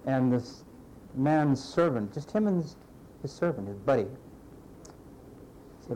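A man preaching a sermon in a conversational, animated way, acting out the voices of the people he quotes. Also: medium pitch, measured pace, long pauses, slight background noise, low-quality recording. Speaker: pastor.

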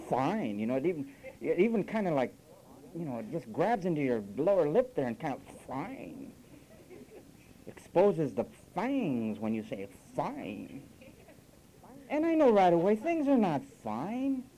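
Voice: mid-range voice, dark tone, poor audio. A preacher delivering a sermon with sarcastic asides, mimicking the phrases he criticises. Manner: sarcastic, mocks quoted phrases with acted voices.

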